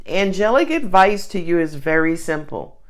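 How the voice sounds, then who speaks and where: A woman's voice: on the low side, sing-song, moderate pace, background noise. A woman giving a casual tarot reading, chatty and emphatic, with frequent asides. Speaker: tarot reader.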